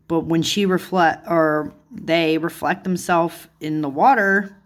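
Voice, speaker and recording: A woman hosting a chatty flip-through of a card deck, gushing and easily delighted, with lots of "like" and "oh my goodness". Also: low-pitched. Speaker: tarot channel host.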